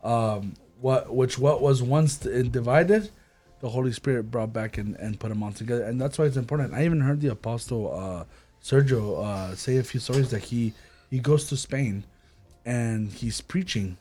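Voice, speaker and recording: Animated man leading a faith discussion. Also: mid-range voice, normal speed, faint music behind. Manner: animated, acts out quoted speech.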